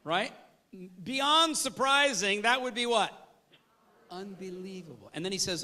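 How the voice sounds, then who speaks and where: Man, service trainer, high voice, energetic seminar talk, quizzes the audience. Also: a little slow.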